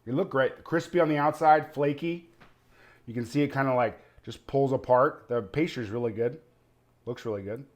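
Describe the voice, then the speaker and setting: A man's voice: mid-range voice, moderate pace. A middle-aged man chatting casually as he tastes and reviews frozen appetizers on camera. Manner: chatty, enthusiastic, tasting on camera. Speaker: food reviewer.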